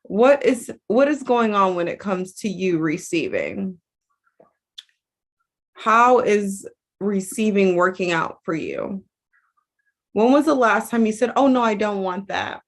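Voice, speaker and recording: A woman's voice: mid-range voice, expressive, slow pace, long pauses. A woman coach talking casually to viewers in a rambling, chatty way, full of fillers and restarts. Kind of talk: casual livestream talk.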